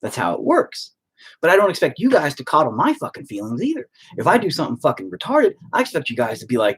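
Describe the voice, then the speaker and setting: Late-30s male streamer: husky, animated delivery, blunt profane rant. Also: a little high, fast. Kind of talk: casual rant.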